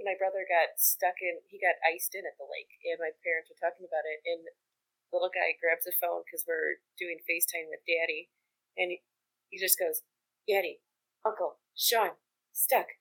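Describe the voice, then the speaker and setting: A young mother chats casually, her voice bright and forward. She rambles through her stories with many fillers along the way. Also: fairly low pitch, normal speed, poor audio. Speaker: mother of a toddler. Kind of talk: casual chat.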